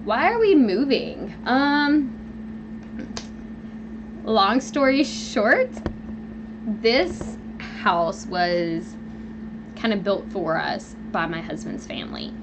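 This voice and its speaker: A young woman hosting a live stream from home, rambling through an animated personal story with lots of fillers. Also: a little high, slow pace, noisy background. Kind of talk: casual venting live chat. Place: at home, indoors.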